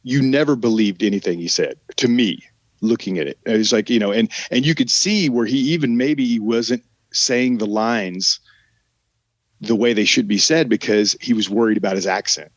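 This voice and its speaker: A man's voice: on the low side, normal speed, no echo, lo-fi sound. A man with a Southern American drawl, an actor guest talking in a casual podcast interview, rambling with many restarts and trailing sentences.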